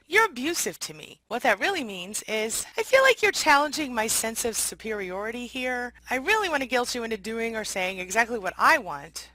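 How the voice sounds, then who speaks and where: A woman's voice: medium pitch, a bit bright, no room sound, rough recording. A woman host giving a casual countdown talk, switching into sarcastic, mock-indignant first-person lines. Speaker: relationship coach and video host.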